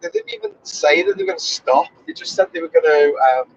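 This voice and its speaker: A man's voice: high voice, wildly swooping pitch, quick pace, creaky, slight background noise. A man hosting a casual chat, rambling and opinionated, correcting himself as he goes. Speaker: podcast host. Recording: dull lo-fi recording.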